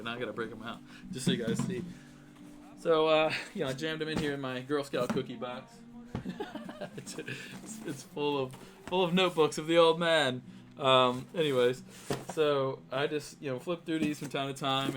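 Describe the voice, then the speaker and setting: Male artist, thirties, casual livestream talk, mid-pitched, rambling and sincere. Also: fairly bright tone. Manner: rambling, heartfelt, many fillers and restarts. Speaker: artist livestreaming his work.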